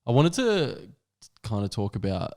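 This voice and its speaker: A man's voice: on the low side, big pitch swings, measured pace, a little mellow. A young adult man, co-hosting a podcast and telling a rambling travel story with lots of "like" and swearing. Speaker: podcast co-host. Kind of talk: casual chat.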